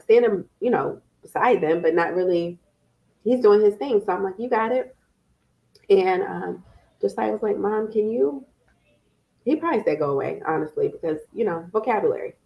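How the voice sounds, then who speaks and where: A woman educator giving parenting tips in a lively, conversational live-stream talk with playful asides. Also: medium pitch, lo-fi sound.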